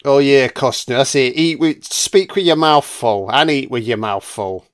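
A man's voice: medium pitch, moderate pace. A man giving casual, sardonic film commentary full of swearing and jokey asides.

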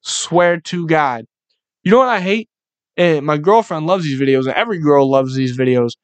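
A man's voice: a little high, normal speed, clean tone, no echo. Profane ranting young man podcaster. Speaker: podcast host. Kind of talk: casual solo podcast rant.

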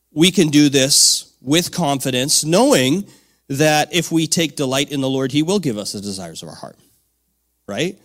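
A man preaching a lively sermon with a slightly high voice. He talks casually, peppered with "come on" and fillers, and rises from soft, low passages to bursts of shouting. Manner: dynamic, swings from soft to shouting.

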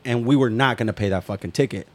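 A man's voice: mid-range voice, fast. A man co-hosting a casual talk show, telling a story with lots of swearing and acted-out quotes. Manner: profane, animated storyteller acting out quotes. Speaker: podcast co-host.

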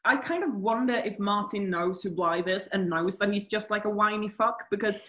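A woman co-hosting a casual chat, animated and jokey, swearing freely. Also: mid-range voice, moderate pace, reverberant. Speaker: podcast co-host. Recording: dull lo-fi sound.

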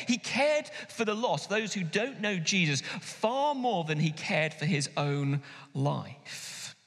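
Male pastor, bright higher voice, animated emphatic sermon, long hall reverb. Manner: animated, emphatic preaching with sudden pauses and slowdowns. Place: church hall.

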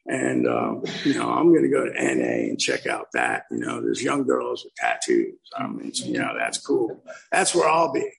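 A man's voice: mid-range voice, vocal fry, rough recording. A man in his fifties telling his recovery story at a meeting, acting out the quotes with lots of animation. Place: meeting room.

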